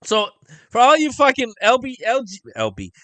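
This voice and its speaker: A man's voice: extremely high pitch, wildly swooping pitch, moderate pace, pushed and bright, no echo. A man hosting a livestream, commenting on video clips in an emphatic, profane rant full of rhetorical questions. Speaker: livestream host. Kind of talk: live-stream commentary over video clips.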